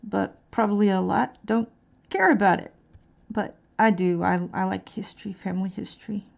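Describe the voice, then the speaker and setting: A woman's voice: medium pitch, fairly even intonation, moderate pace, creaky, darkish tone, dull audio. A woman from Texas chatting casually on stream while coloring, rambling and self-deprecating.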